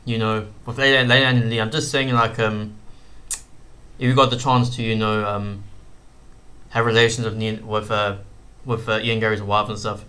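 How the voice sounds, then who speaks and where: Bright-voiced young man rambling about fights. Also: fairly low pitch, flat delivery, normal speed. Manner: rambling, frequent fillers and slang like "bro". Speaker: YouTube commentator. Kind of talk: casual commentary.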